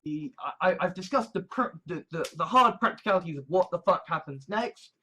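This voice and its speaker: Young guy, highish voice, swears a ton and keeps restarting his sentences. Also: expressive, brisk, bright, forceful tone, low-quality recording. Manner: profane, rambling, with frequent restarts. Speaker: amateur sermon vlogger. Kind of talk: rambling monologue clips.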